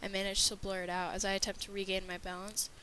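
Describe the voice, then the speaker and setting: A woman's voice: mid-range voice, little pitch movement, fast talker, sharp tone, slight background noise, poor audio. A woman narrating a scripted horror story with a dramatic reading manner.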